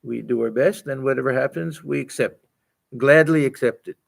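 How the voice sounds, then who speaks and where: Older man, gravelly, mid-pitched monk giving a scripture class; gentle and halting with frequent restarts. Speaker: swami teaching a scripture class. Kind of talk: spiritual lecture.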